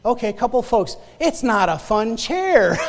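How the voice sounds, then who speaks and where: A man's voice: very high voice, very animated, normal speed. A man preaching a sermon and sharing his own story in a loose, conversational way, often stumbling over and repeating his words. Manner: conversational, stammering restarts, repeats phrases for emphasis. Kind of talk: sermon with personal testimony. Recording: long hall reverb.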